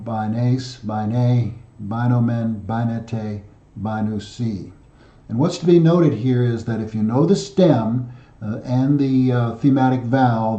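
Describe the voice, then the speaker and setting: A man teaching an Ancient Greek lesson in a patient, methodical way, pausing often with fillers and restarts. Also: medium pitch, mellow. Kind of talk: recorded language lesson. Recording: echoey room, dull lo-fi sound.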